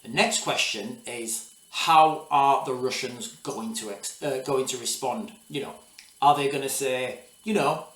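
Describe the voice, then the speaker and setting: A man's voice: medium pitch, a little slow, fairly bright tone, distant mic. A man hosting his own video channel, giving rambling casual commentary with many restarts and repeated asides to his viewers. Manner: rambling, restarts, repeats "guys, all right". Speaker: video host. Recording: echoey room, off-mic.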